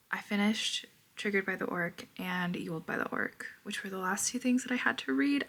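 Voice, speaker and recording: A woman's voice: medium pitch, creaky, bright, forceful tone. A woman giving a blunt, sarcastic, casual book review, swearing freely and dropping into whispered asides.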